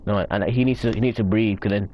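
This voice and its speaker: A man giving rowdy, profane commentary while playing a game, often breaking into loud high-pitched yells. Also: steady tone, fast talker. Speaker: gamer recording his play. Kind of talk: casual gaming commentary.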